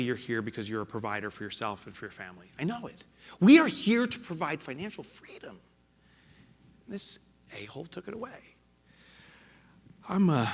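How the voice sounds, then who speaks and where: Middle-aged man telling a story from stage. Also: medium pitch. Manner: emotional storytelling, swings from loud to hushed. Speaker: keynote speaker. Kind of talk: motivational stage speech. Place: large hall before a live audience. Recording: reverberant hall.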